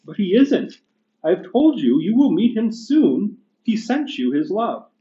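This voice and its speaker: A calm, patient male spirit speaks in measured tones, as a man reading aloud gives him voice. The voice sits slightly high. The sound is dull and lo-fi, with a roomy echo. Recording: echoey room, dull lo-fi sound.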